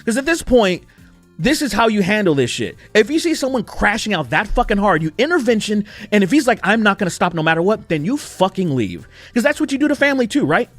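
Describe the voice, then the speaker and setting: A young man delivers a heated commentary rant, swearing hard and hammering his points. His fairly high voice swings widely up and down. The sound is dry, with faint music underneath. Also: very animated, a little fast, dry recording. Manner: profane, heated, emphatic. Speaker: commentary YouTuber.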